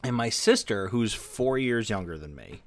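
A man's voice: on the low side, animated, normal speed. A man hosting a podcast, telling a story in casual chat, full of "like" fillers. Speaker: podcast host.

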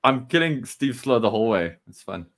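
A South African man co-hosting a casual podcast, joking and halting. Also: medium pitch, sing-song, fairly bright tone. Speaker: podcast co-host. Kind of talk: casual chat.

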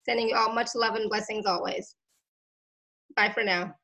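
A woman's voice: mid-range voice, steady tone, moderate pace, sharp tone, low-quality recording. A woman hosting a casual online show, effusive and grateful, laughing often as she talks. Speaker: host. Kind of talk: casual chat.

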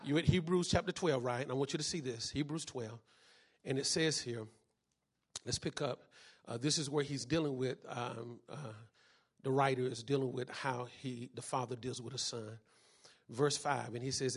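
A male pastor preaching a sermon, reading scripture and calling out questions for the congregation to answer, rising to shouts at times. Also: medium pitch, breathy edge. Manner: reads scripture slowly, then builds to shouted preaching; call-and-response, asks congregation "what?".

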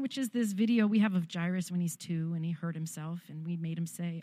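A woman pastor telling a story in a sermon, animated and humorous. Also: lowish voice, a little fast, hardly any pauses, no room sound.

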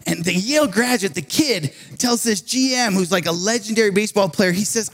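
A man preaching a sermon, telling a personal story in an animated way, often laughing between phrases. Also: high-pitched, a little fast, faint music behind.

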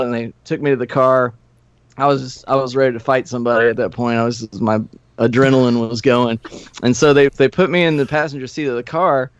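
In a dull, lo-fi, dry recording without echo, a smooth, medium-pitched man spins casual stories. He's a forties-aged ex-punk musician from Nashville, USA, appearing as a podcast guest, rambling and swearing with frequent chuckles.

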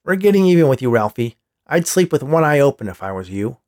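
A man's voice: mid-range voice, sing-song, a little fast, darkish tone. A man voicing a menacing schoolboy bully who talks in a threatening, accusing way.

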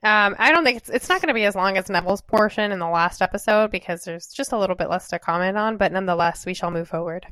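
A woman's voice: medium pitch, quick pace, hardly any pauses, a bit bright, no echo. A young woman co-hosting a podcast, chatting casually with friends and filling her talk with "like". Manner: chatty, uses "like" often. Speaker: podcast co-host.

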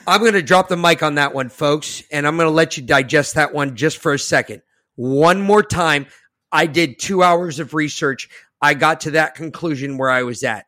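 A man hosting a podcast, reading an article aloud and ranting in a boastful, profane way that swings from muttering to loud outbursts. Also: a little high, normal speed, no echo, studio quality. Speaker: podcast host.

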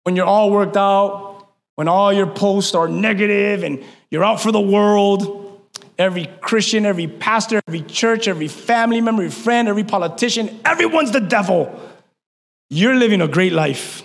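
A man preaching a sermon as pastor, animated and emphatic, dropping at times to a hushed tone. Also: high voice, moderate pace, gravelly, long reverb tail.

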